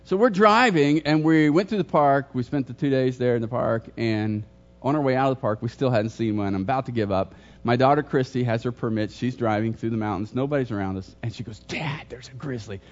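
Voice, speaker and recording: A middle-aged male pastor preaches in a church, mid-pitched and conversational. He tells stories, makes jokes and turns to the congregation with questions. The recording sounds dull and lo-fi. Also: fairly quick. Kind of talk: sermon.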